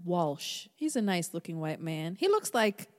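A woman co-hosting a casual podcast chat, loud, playful and profane, often cutting in on her co-host. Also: fairly low pitch, big pitch swings, measured pace, big-room sound.

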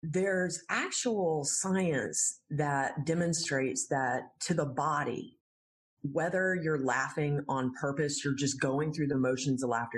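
A woman who teaches laughter yoga, a guest in an interview. She explains things patiently and earnestly and laughs easily. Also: rumbling low.

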